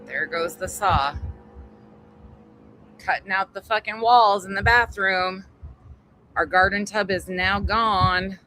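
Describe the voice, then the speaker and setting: Slow and often pausing, a woman with a medium-pitched, sharp-toned voice hosts a chatty livestream at home, greeting viewers one by one and swearing freely. Construction noise carries from upstairs over a rough recording.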